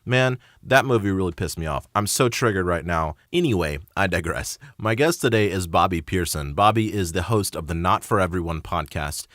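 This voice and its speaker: Male podcast host, 30s, low voice, rambling comic rants, dry close recording. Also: lively intonation, normal speed, few pauses, fairly bright tone, no echo. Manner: rambling, jokey, ranting. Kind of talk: casual podcast monologue.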